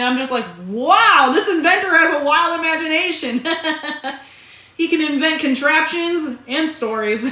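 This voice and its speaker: A woman's voice: sits high, sharp tone. A woman giving a casual spoken movie review, chatty and rambling, often restarting her sentences and laughing. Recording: echoey room.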